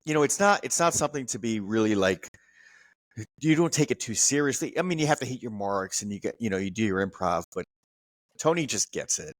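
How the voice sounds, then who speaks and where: A man in his fifties from New Jersey hosts a casual podcast chat, his pitch swinging up and down as he reminisces. He laughs often, and the sound is close and dry with no room around it. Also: expressive, a little fast, no room sound. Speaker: podcast host.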